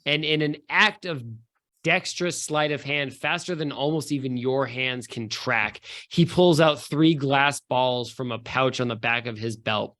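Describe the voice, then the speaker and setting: A man running a tabletop game as game master, narrating in a relaxed, hesitant way with many fillers. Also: medium pitch, a little slow.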